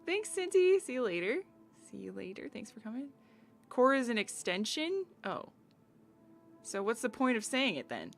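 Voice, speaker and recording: A woman's voice: a little high, big pitch swings, moderate pace. A woman from the United States chatting casually with viewers on a live stream, bubbly and giggly as she reads chat aloud and riffs on it. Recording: faint game music behind.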